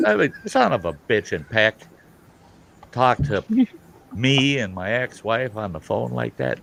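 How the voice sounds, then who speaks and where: A man hosting an online hangout, telling a story casually, cursing freely and getting loud and heated. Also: mid-range voice, unhurried, creaky, slight background noise. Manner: animated, profane, grows loud and heated. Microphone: online call.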